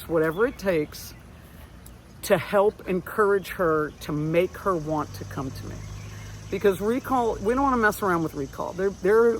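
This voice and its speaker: A woman dog trainer explaining recall outdoors, switching to high, cheerful calls to the dog. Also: slight background noise. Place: outdoors on a street.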